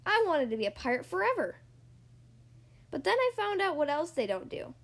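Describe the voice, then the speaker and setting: A woman reads a children's picture book aloud. Her voice sits high and moves a lot, with an expressive, storytelling lilt. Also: normal speed. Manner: lively, expressive reading. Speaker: storybook reader. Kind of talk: storybook read-aloud narration.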